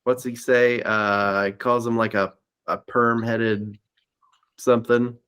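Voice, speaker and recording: A man co-hosting a movie podcast over a video call, laid-back and slowly searching his memory for a line. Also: medium pitch, level tone, a bit bright, smooth. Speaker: podcast co-host. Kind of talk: casual movie-review chat.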